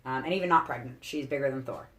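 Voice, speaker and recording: Low-voiced woman showing off her snakes. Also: fast, fairly bright tone. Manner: chatty, laughs often, frequent fillers. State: out of breath. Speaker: reptile keeper vlogger. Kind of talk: casual show-and-tell vlog. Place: indoors at home. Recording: echoey home room.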